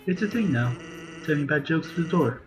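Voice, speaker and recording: A laid-back male skeleton from a video game tells jokes and stories in a slow, drawling way, as a man puts him on. His voice is fairly high, and game music plays behind him. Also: expressive, lightly acted, poor audio. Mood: easygoing.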